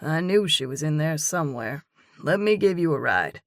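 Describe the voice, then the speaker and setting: A woman voicing a relaxed, gently amused young man in an audiobook. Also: sits low, normal speed, no room sound, clean studio sound. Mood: teasing. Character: easygoing, teasing young man, old friend.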